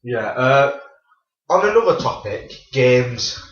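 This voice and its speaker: A man's voice: mid-range voice, sing-song, slow. A man co-hosting a podcast in casual chat, often cutting in and apologizing. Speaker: podcast co-host. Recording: distant, dull, roomy home recording.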